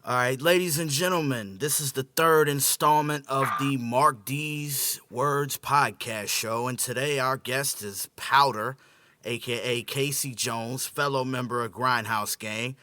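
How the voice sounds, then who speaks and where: A man with a bright, mid-pitched voice hosts a casual comedy podcast. He teases his guest in a loose, laid-back way and laughs often. The sound is dry and close. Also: a little slow, dry recording. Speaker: podcast host.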